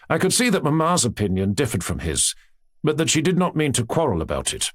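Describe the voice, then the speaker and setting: Expressive, husky-voiced male audiobook narrator. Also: medium pitch, a little fast, no room sound, clean studio sound.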